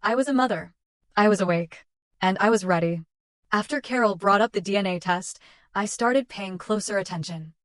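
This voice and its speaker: Dry, measured woman narrator. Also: mid-range voice, dry recording. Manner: measured, clipped dramatic delivery. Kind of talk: scripted first-person story narration.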